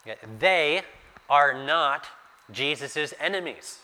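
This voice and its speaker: A man's voice: a little high, lively intonation, slow, pushed and bright, smooth. A man preaching a sermon through a Bible passage, talking conversationally and asking his listeners rhetorical questions. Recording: echoey hall with long reverb.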